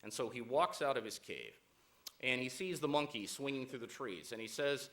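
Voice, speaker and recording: A man giving a keynote speech to a conference audience, measured and deliberate, with frequent "uh" fillers. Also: medium pitch, expressive, a bit bright. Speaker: keynote speaker.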